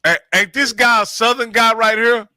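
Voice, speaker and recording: A man's voice: very high-pitched, fairly even intonation, normal speed, pushed and bright, dry recording. A man in casual sports talk, emphatic, repeating his points and laughing often.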